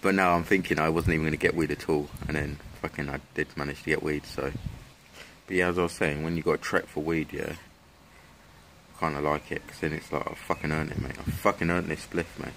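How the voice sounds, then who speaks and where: A young man, chatting casually and swearing freely in a relaxed, slangy drawl. His voice sits very low, and a faint hiss of background noise runs under it. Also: fairly quick. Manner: laid-back, slangy, swears a lot. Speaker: vlogger. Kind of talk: casual chat to camera. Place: at home and outdoors.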